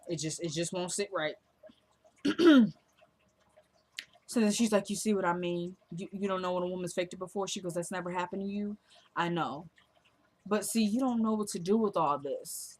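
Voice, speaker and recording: Chatty woman recapping a TV episode. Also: lowish voice. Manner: retells scenes acting out both characters' lines; animated and chatty, addresses viewers as y'all. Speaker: TV show reviewer. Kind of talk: casual recap vlog.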